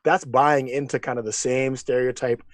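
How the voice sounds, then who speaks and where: A man's voice: mid-range voice, little pitch movement, moderate pace, no echo. A man co-hosting a podcast, emphatic and lecturing as he argues a point in casual discussion. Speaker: podcast co-host.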